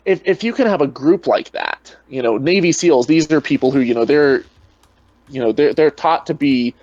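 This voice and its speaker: A man's voice: medium pitch, moderate pace, a little mellow, no echo, lo-fi sound. A man talking as a guest in a casual online debate, rambling and full of "you know" fillers over a video call. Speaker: guest, atheist video creator.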